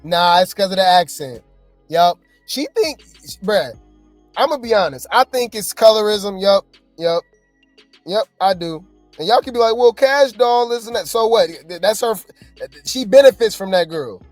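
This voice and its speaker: Chatty opinionated reaction host, dry sound. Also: female voice, medium pitch, animated, moderate pace, no room sound, soft background music. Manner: chatty, opinionated, addresses viewers directly. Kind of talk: casual reaction commentary.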